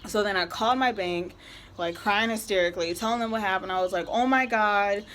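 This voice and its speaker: Speaking quickly in a mid-range, fairly bright voice, a young vlogger rants about a story with chatty exasperation, using "like" heavily among other fillers. Slight background noise is present.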